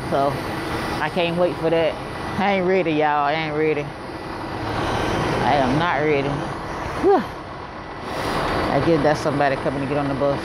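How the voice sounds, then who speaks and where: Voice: medium pitch, very noisy. A vlogger, rambling casually straight to the viewers through a handheld phone camera. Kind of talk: casual vlog talk to viewers.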